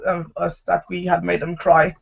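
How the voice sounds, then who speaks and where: A woman's voice: on the low side, monotone, normal speed, creaky, husky. Woman co-host, chatty explainer, muffled video-call audio. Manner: chatty, explains at length with many ums. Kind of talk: casual chat over a video call.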